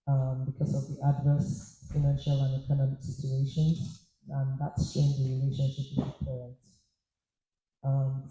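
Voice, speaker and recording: A man interviewing a panel guest, asking measured questions with frequent pauses. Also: mid-range voice. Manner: measured, flat delivery with 'um' pauses. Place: conference hall at a media summit. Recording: dull, echoey hall sound.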